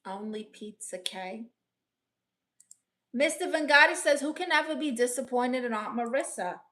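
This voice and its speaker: A woman's voice: on the high side, fairly bright tone. A woman comedian hosting a casual live stream as a brash aunt, reading viewer comments and giving blunt, teasing advice. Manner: blunt, teasing, playfully sassy.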